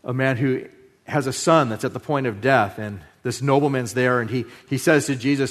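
A man preaching a sermon, moving between loud emphasis and hushed, drawn-out phrases. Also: mid-range voice. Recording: long hall reverb.

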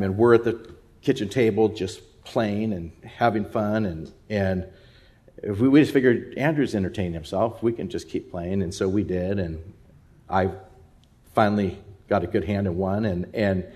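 Animated low-voiced man preaching. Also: moderate pace. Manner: animated, rambling anecdote with many fillers. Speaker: pastor. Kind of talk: sermon with personal storytelling.

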